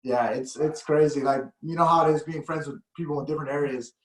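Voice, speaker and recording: A man's voice: fairly high pitch, steady tone, fast. A man hosting a podcast, telling rambling stories in a casual chat and laughing often. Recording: echoey room.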